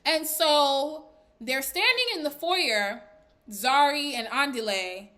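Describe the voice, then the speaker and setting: Bright, high-voiced chatty woman recapping. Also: slow pace. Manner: chatty and animated, full of filler words; laughs while talking. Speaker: recap vlogger. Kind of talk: casual reality TV recap commentary.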